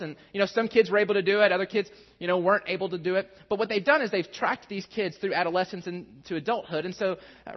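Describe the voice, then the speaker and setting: A man in his thirties preaches in a large hall, telling a self-mocking personal story in a fairly high voice. The sound is dull and carries a long reverb. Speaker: pastor.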